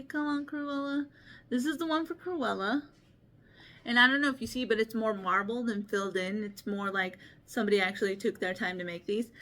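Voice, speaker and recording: A woman's voice: medium pitch, noisy background. A woman hosting a casual board game vlog, with a lisp and a slight stutter, talking in a rambling, earnest way and laughing often. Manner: rambling and chatty with restarts and small stutters. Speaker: board game channel host. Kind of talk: casual vlog talk showing games to camera.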